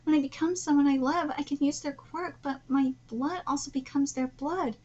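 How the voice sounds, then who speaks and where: A woman's voice: high-pitched, steady tone, normal speed, a little mellow, lo-fi sound, lightly acted. A woman voicing an obsessive young female villain, reading manga dialogue aloud in a plain, slightly hesitant way. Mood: subdued.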